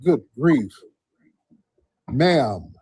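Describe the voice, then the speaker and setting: A man's voice: medium pitch, big pitch swings, drawn-out words, darkish tone, breathy edge. A man hosting a call-in livestream, talking bluntly and mocking his callers. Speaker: livestream host. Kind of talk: livestream commentary.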